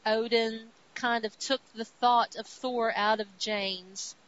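A woman's voice: a little high, slow. A woman co-hosting a podcast, casually recapping a comic book and acting out its characters' lines. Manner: animated retelling with acted-out quotes. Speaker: podcast co-host. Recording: dull lo-fi audio with faint hiss.

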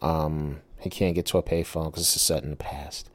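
A middle-aged man, a self-published author, telling a personal story in a casual monologue, animated and swearing with many rhetorical asides. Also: rumbling low, brisk, slightly rough, no room sound.

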